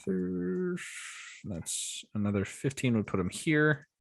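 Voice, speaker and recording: A man narrating combat as game master of a tabletop game, pausing with frequent fillers. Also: fairly high pitch, big pitch swings, gravelly, noisy background. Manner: halting, many uh fillers while narrating action.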